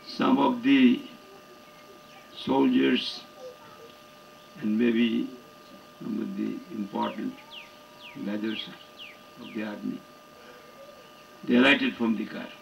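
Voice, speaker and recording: Slow, gravelly older Indian man. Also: lowish voice, fairly even intonation, muffled recording, slight background noise. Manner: slow, halting, deliberate. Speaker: spiritual teacher. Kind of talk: devotional lecture.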